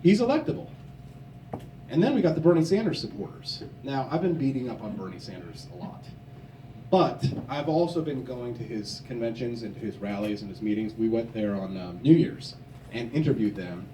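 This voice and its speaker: A young man from Missouri giving a forceful, combative campaign speech at a convention. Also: medium pitch, animated, brisk, slight background noise. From Missouri, USA. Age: young adult. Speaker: political candidate. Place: convention hall. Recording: echoey hall, from a distance.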